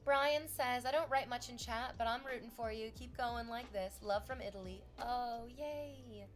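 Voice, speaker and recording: A young woman streamer from Canada chatting casually with her viewers, telling stories with lively acted-out voices. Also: a little high, moderate pace, faint music behind. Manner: animated storytelling, acts out voices.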